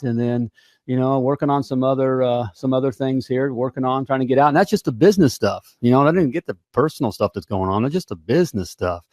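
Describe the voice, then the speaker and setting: An American man hosts a live talk show from his home studio, upbeat and rambling, full of fillers and restarts. His voice is pitched in the middle range. The sound is dry and close. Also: darkish tone, no room sound. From United States. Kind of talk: casual live show chat.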